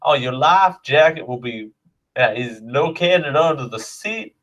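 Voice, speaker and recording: A man's voice: medium pitch, animated, a bit bright, recorded from a distance. A man doing a drawling Southern air hostess. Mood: chirpy. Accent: put-on Southern US drawl. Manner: sing-song, drawn-out safety spiel.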